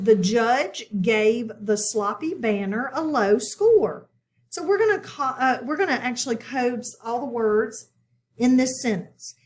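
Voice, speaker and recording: Slow, patient woman teaching phonics. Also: fairly high pitch, roomy sound. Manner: patient, step-by-step instruction. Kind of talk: recorded video lesson.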